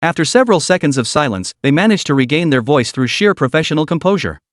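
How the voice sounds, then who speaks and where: A man's voice: a little high, big pitch swings, fast, dry recording, clean studio sound. A man reading a dramatic story in scripted narration.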